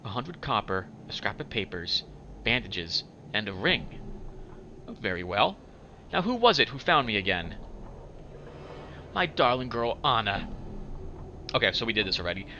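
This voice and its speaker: A man's voice: fairly low pitch, big pitch swings, moderate pace, sharp tone, lo-fi sound, slight background noise. A man hosting a game playthrough, reading the text aloud and apologetic and stumbling over words. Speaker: let's play host.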